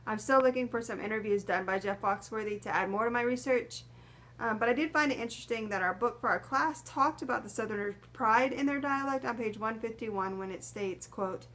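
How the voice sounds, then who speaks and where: A young adult woman presenting as a student, reading a prepared class presentation in a steady, careful way. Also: a little high, brisk. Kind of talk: read-aloud class presentation.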